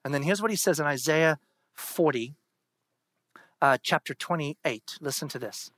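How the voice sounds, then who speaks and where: A man preaching a sermon, reading scripture dramatically and swinging between hushed whispers and loud, soaring declarations. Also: on the high side, measured pace, no room sound. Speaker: pastor.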